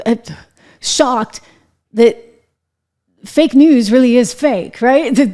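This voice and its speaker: Brief: woman host, opinionated commentary, sarcastic and indignant, slightly high voice. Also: a little mellow. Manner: sarcastic, indignant, rhetorical questions.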